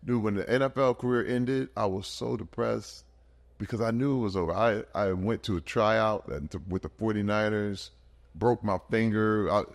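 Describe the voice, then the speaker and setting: Earnest low-voiced man telling his story. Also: moderate pace, vocal fry. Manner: earnest, animated storyteller with big swings in pitch and energy. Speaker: podcast guest. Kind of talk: emotional personal storytelling.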